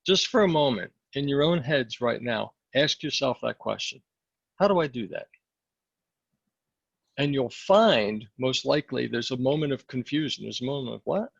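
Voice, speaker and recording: Gravelly man coaching with a hoarse voice. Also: mid-range voice, normal speed, dry recording, muffled recording. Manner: coaching, asks the group questions. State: losing his voice, clearing throat. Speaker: sales mindset coach. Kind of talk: training session talk.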